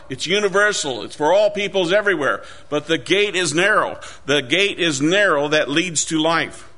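A middle-aged man preaching a sermon, earnest and emphatic, slowing down to read scripture aloud. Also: a little high, sharp tone.

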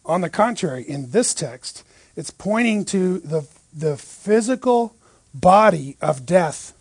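A man teaching a Bible study, lively and full of rhetorical questions, often checking in with "right?". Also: fairly high pitch, no room sound.

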